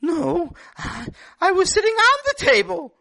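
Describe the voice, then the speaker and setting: A man's voice: very high-pitched, sing-song, measured pace, pushed and bright, dry recording, pitched above the performer's own voice, full character voice. A man voicing an earnest young boy who stammers and pleads, in a storybook told aloud. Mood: pleading.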